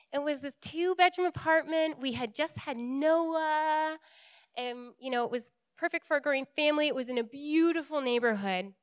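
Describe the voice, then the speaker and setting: A young woman telling a story in a casual, animated way, laughing often and full of likes and ums. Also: high voice, no echo.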